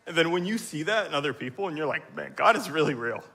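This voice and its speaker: A man in his thirties delivers a sermon testimony from a church stage, his voice bright and forward on the stage mic. He is crying as he talks, halting often and clearing his throat between phrases. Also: on the high side, expressive. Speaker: church speaker.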